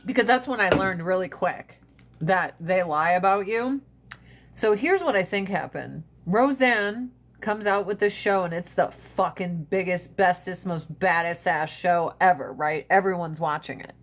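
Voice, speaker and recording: A woman's voice: on the low side, a little slow. Blunt, foul-mouthed woman livestreaming. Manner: blunt, profane and animated. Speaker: livestream host. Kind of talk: casual livestream chat.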